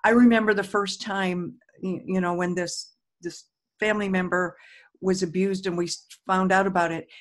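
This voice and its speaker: A woman's voice: medium pitch, fairly even intonation, moderate pace. A middle-aged woman hosting a casual talk, speaking earnestly and with emphasis, and leading a tapping exercise with repeated affirmations. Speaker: host.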